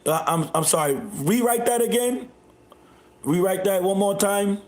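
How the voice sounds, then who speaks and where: Loud confrontational man ranting on a livestream. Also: sits high, expressive, measured pace, reverberant. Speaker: livestream host. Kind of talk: live stream rant reacting to chat.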